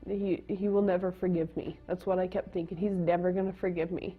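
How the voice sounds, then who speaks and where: A young woman giving a personal testimony, speaking in a halting, emotional way with pauses and restarts. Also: lowish voice, little pitch movement, slightly rough. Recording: dull lo-fi sound with faint music.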